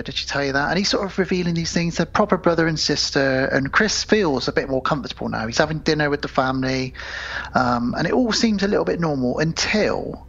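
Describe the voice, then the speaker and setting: A man with a gravelly voice walks through a film's plot on a podcast. He goes step by step and slips into the characters' lines as he retells it. The audio is dull and lo-fi. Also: a little high, a bit bright. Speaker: podcast co-host. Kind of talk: casual film-recap chat.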